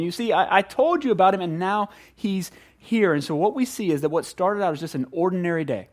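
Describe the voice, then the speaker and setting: A man preaches in a church sanctuary in a conversational, animated way, often restarting his sentences. His voice sits a little high for a man. He moves between quiet prayer and lively storytelling. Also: brisk, hardly any pauses. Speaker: pastor. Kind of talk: sermon.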